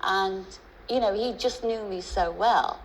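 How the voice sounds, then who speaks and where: A woman's voice: medium pitch, unhurried, a little hiss or hum, poor audio. A middle-aged woman with a Liverpool accent, a chat-show guest who talks in a chatty, storytelling way with many restarts and asides.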